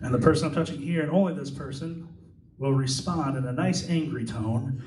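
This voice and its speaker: A man's voice: mid-range voice, brisk, slight background noise. Hypnotist man in an echoey hall. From Iowa. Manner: calm, repetitive hypnotic suggestions. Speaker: stage hypnotist. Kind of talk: live hypnosis show patter. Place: large indoor hall, school party. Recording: echoey hall from far off with music.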